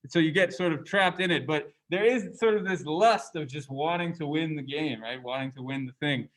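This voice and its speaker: A man's voice: on the high side, moderate pace, low-quality recording. A man giving a casual, conversational classroom lecture, asking his students questions as he goes. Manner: reads passages aloud from the book. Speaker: religious studies lecturer.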